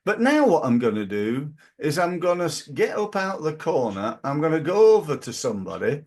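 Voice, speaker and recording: A man's voice: on the high side, big pitch swings, moderate pace. A man talking casually about marketing as a business coach, rambling and acting out little scenes.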